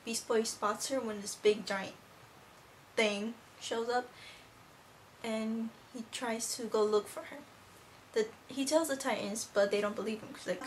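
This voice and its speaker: A woman's voice: on the high side, steady tone, unhurried, a little hiss or hum. A teenage girl casually reviewing a cartoon episode as a rambling, gushing fan. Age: teens. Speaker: video reviewer.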